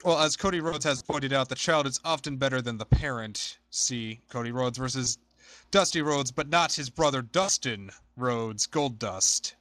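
A man's voice: medium pitch, moderate pace, fairly bright tone, no room sound, close to an everyday voice. A man doing a pompous wrestler-governor. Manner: mock-formal speechmaking. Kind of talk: improvised comedy promo.

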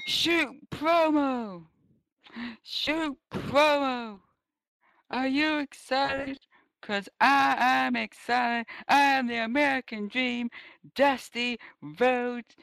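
A woman voicing a boastful, hyped-up middle-aged male wrestler, rambling through a shouty improvised comedy promo. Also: a little high, dry recording, clean studio sound.

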